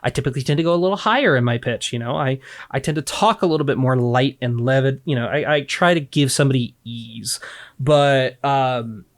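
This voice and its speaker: Fast-talking man in casual chat. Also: mid-range voice. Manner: fast-talking, animated, swearing freely. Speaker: podcast co-host.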